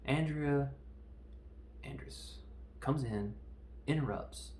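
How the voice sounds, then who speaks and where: A man's voice: mid-range voice, slow, a little mellow, a little hiss or hum. A man hosting a podcast, giving a casual, joking, self-deprecating film review. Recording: roomy echo.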